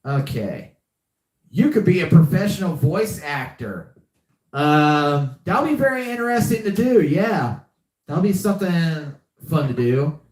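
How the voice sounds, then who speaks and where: A man's voice: on the high side, big pitch swings, a little slow, darkish tone, echoey room. A young man hosting a live podcast, chatting casually and often repeating himself. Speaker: podcast host. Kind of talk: casual live-stream chat.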